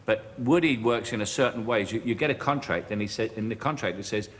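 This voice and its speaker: Cockney male guest, dry joker, low-ish voice, old TV studio echo. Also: brisk. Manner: wry, joking, with stammered restarts. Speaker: talk show guest. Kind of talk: chatty anecdotal interview. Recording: archive TV studio with hall echo and faint hiss.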